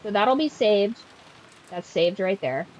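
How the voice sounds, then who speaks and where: A woman's voice: medium pitch, lively intonation, unhurried, lo-fi sound, a little hiss or hum. A woman streaming a game, chatting casually with sarcastic, profane jokes.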